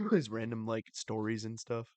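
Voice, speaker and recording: A man's voice: lowish voice, animated, moderate pace, a little mellow, dry recording. A young man co-hosting a podcast, chatting loosely, laughing and swearing freely. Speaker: podcast co-host. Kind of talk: casual chat.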